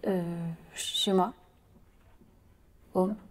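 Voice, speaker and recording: An actress playing a shy young French woman who speaks halting English with a French accent; her first language is French. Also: medium pitch, flat delivery. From France. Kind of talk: film drama acting.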